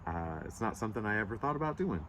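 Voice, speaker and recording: An earnest man rambling through a spiritual tarot reading out in nature, restarting his sentences and pausing to find words. He sounds choked up, with a stuffy nose from holding back tears. A faint hum of outdoor sound and passing traffic stays behind him. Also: fairly low pitch, sing-song, a bit bright. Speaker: tarot reader. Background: birds and passing vehicles.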